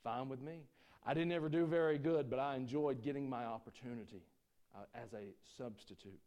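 A man preaching a sermon, folksy and joking with the congregation, swinging between loud preaching and quiet asides. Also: medium pitch, fairly quick. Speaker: pastor.

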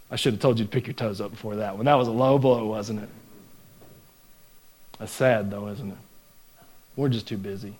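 A man with a Southern US accent preaching a folksy, joking sermon in a church, swinging from loud exhortation to hushed asides. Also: lowish voice, fairly even intonation, normal speed, long pauses, breathy edge. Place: church sanctuary.

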